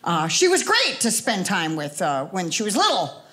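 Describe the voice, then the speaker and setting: A woman's voice: mid-range voice, huge pitch swings, normal speed, pushed and bright. An older woman performing a stand-up comedy set, chatting with the audience and teasing them. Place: comedy club stage before a live audience.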